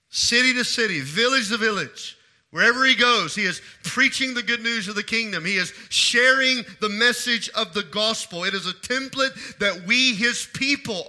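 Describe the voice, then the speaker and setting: A man's voice: high voice, expressive, pushed and bright. A middle-aged man preaching a sermon as pastor, asking the congregation questions and repeating key phrases for emphasis. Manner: asks the congregation questions and pauses for answers.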